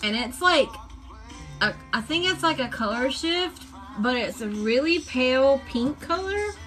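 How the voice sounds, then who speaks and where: A woman chatting casually on a live stream, showing off her craft supplies in a drawn-out, enthusiastic way. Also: sits high, lively intonation, a bit bright, faint music behind, rough recording.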